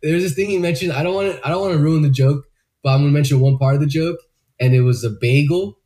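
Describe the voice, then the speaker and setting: A man's voice: a little high, quick pace, mellow. A man co-hosting a podcast in casual chat, loose and profane with plenty of fillers. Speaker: podcast co-host.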